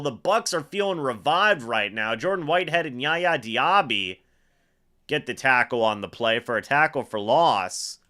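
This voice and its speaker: A young man hosting a live fan watch-along, giving play-by-play and reacting excitedly, often repeating himself. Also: medium pitch, measured pace. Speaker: fan livestream host calling a football game.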